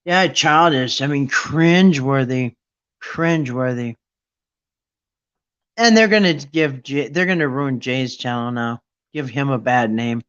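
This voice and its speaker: A man's voice: mid-range voice, measured pace, a bit bright, clean tone, muffled recording. A man hosting a casual live stream, talking in an indignant, mocking way and rambling with restarts. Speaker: livestream host.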